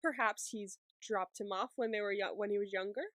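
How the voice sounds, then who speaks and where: A woman's voice: mid-range voice, fairly bright tone, dry recording. Playful woman on a dry-sounding podcast. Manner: playful, quick reactions and jokes. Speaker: podcast co-host. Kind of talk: casual recap chat.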